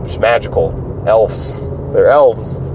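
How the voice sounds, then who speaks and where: A man's voice: on the low side, slow, background noise. A man telling a rambling, profane story in a casual vlog while driving his car, acting out other people's voices as he goes. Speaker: stand-up comedian vlogger.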